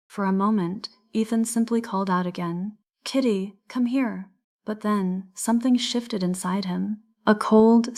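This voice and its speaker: A woman narrating a story slowly and clearly for English learners, with expressive delivery. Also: mid-range voice.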